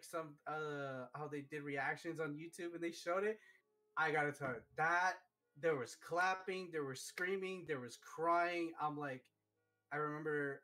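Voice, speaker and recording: A man hosting a live stream, chatting casually and telling stories excitedly, with lots of fillers. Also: on the high side. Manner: excitable, animated storytelling with many fillers. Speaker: streamer host. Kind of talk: casual chat.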